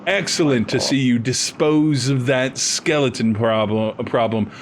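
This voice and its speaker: A man voicing a suave, handsome male demon boss who speaks politely and in a measured way. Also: mid-range voice, a little hiss or hum, close to an everyday voice. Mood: courteous.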